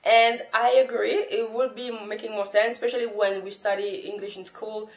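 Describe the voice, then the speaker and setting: A native French-speaking woman from France, a language-learning vlogger, talks casually to camera in a mid-range, steady voice at normal speed. She sounds earnest, thoughtful, and encouraging, and the recording has a roomy echo.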